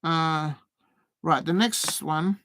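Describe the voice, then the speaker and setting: A man hosting a live football watch-along, chatting with viewers and getting excitable, even shouting, at big moments in the match. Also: fairly high pitch, drawn-out words, a little hiss or hum. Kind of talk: live match reaction and chat.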